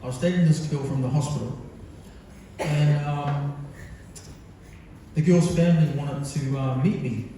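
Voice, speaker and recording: Man, son's speech, meandering and jokey; mellow, slightly high voice, picked up from far back in a booming hall. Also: steady tone, unhurried, long pauses, slight background noise. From New Zealand. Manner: rambling, humorous storytelling with many fillers. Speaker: son giving a birthday speech. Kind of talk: speech to a gathering. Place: large function hall. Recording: echoey hall, captured from far off.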